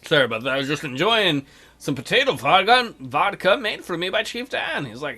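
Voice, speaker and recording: A man's voice: on the high side, big pitch swings, brisk, pushed and bright, husky. A man hosting a strategy game let's play with casual, crude, joking commentary.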